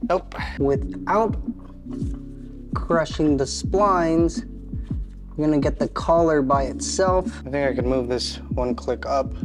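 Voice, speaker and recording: A casual home mechanic explains each step out loud as he works. His voice sits a little higher than most men's, and he keeps things loose and self-mocking. Faint music plays softly behind him. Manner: chatty, self-deprecating, talks to himself mid-task. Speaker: home mechanic channel host. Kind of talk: casual how-to narration while working.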